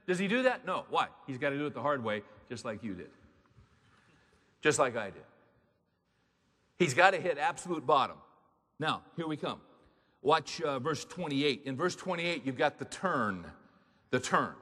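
A man's voice: medium pitch, animated, moderate pace, long pauses, a bit bright. A man preaching a sermon in an emphatic, conversational way, asking the congregation rhetorical questions. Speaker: pastor. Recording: long hall reverb.

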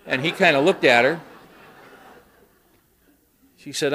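A man's voice: medium pitch, moderate pace, long pauses, pushed and bright, slight background noise. A man preaching a sermon, telling a story with rising emphasis and dry humor. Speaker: pastor.

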